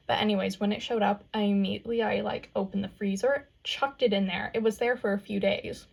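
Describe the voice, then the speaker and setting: A woman's voice: medium pitch, fairly even intonation, fast talker, vocal fry, few pauses, husky. A young woman with a Southern US accent chatting casually through a makeup tutorial, full of "like" and "um". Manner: chatty, valley-girl fillers, frequent "like" and "um". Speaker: makeup vlogger.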